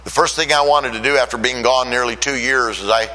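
A man's voice: mid-range voice, fairly even intonation, fairly quick, pushed and bright, rough recording. An older man from Michigan preaching a sermon and telling his own conversion story in an earnest, storytelling way. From Michigan, USA. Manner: earnest storytelling, voice rising when emotional. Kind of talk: sermon with personal testimony.

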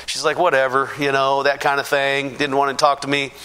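A man giving a personal testimony in a halting, earnest way, with many restarts and fillers, growing fervent and emphatic. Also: mid-range voice, completely flat delivery, sharp tone, clear, resonant tone.

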